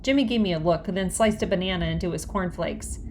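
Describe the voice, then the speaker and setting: A woman reading a children's book aloud in a lively, expressive way. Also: fairly low pitch, brisk, slight background noise. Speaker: audiobook reader.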